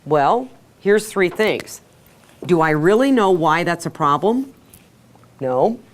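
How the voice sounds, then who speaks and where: A woman teaching a sales workshop to a live audience, energetic, asking the room questions and acting out quotes. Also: on the low side, slow. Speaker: sales trainer. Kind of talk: workshop lecture.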